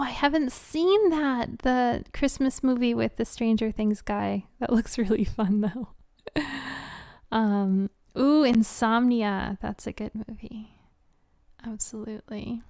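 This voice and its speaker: A woman chatting casually on a live stream, answering viewer questions. She speaks softly, drifts into whispers, giggles often, and fills her talk with "um" and "like.". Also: fairly high pitch, no room sound, clean studio sound. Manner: soft-spoken, drifts into whispers, many "um" and "like" fillers, giggly.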